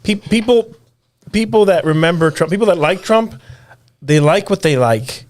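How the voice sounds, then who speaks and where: Higher-voiced, animated male co-host. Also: moderate pace. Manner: animated, stammering restarts. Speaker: podcast co-host. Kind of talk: casual political chat.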